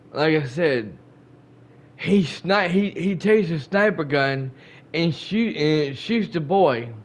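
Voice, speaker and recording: A man with a fairly high voice recaps a game for his channel in a loose, chatty way. He circles back over his points and repeats himself as he acts out bits of dialogue. He speaks directly to his viewers throughout. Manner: rambling and repetitive, retelling scenes with quoted dialogue. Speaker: gaming channel host.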